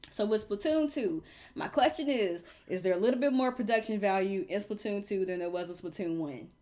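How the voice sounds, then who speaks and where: Female host, chatty and lively, laughs a lot, mid-pitched voice. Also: fairly quick. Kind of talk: casual chat.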